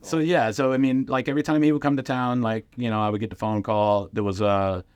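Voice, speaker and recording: A man's voice: mid-range voice, little pitch movement, a little fast, darkish tone, clean tone, no room sound. A middle-aged man, a comedian, telling casual stories on a podcast and acting out the voices of other people in his quotes. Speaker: comedian guest.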